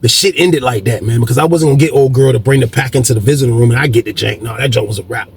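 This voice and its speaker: A man's voice: mid-range voice, very fast, a little mellow, slight background noise. A man hosting a storytelling video, talking casually and profanely, acting out quoted voices and repeating "man" a lot. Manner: profane, repetitive, keeps saying "man".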